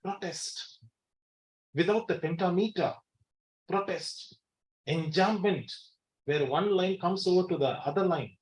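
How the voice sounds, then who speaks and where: A man's voice: sits high, normal speed, darkish tone. A man giving an academic lecture in a college seminar hall, emphatic and repeating key words. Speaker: guest lecturer.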